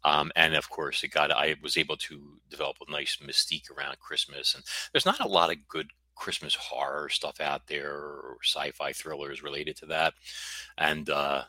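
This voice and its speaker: A man's voice: rumbling low, moderate pace, sharp tone, no echo. A middle-aged man with a faint Brooklyn accent, a guest author rambling on a video call and stopping himself mid-sentence. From United States. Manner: rambling, self-interrupting, reads a synopsis aloud. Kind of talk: casual interview chat.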